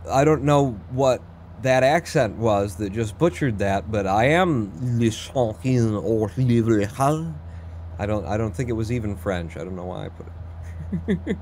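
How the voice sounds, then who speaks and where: A man giving live commentary while he plays through a speedrun, excitable and talking quickly, with sudden jumps in pitch. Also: a little hiss or hum. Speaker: speedrunner streamer.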